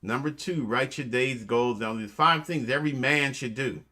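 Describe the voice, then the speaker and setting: A man's voice: medium pitch, normal speed, pushed and bright. A man hosting a casual show, joking around and giving motivational tips, calling his listeners family. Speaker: host.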